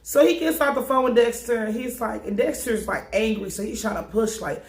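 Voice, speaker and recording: A woman casually recapping a TV episode, animated and profane, often acting out the characters' lines. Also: on the high side, brisk, echoey room.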